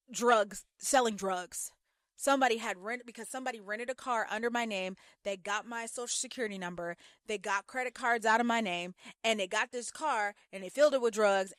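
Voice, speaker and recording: A young woman giving a casual commentary vlog, telling stories in an animated way with sudden jumps in pitch. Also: no echo, studio quality. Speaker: YouTube commentator.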